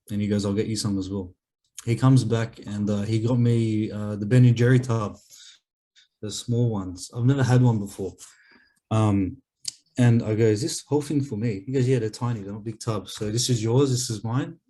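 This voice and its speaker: A man tells a long, rambling anecdote on a podcast recorded over a video call. His voice is mellow and a little husky. He slips into the voices of the people in his story as he goes. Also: fairly low pitch. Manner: rambling, laughing storyteller who acts out dialogue. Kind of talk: casual chat, comic anecdote.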